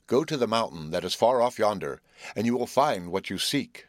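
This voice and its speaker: A grave old man of a storybook speaks in a slow, knowing way, as a male reader puts him on. His voice sits a little above the reader's own low tone. He is polite and measured. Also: lively intonation, dry recording, studio quality, natural voice. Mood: solemn.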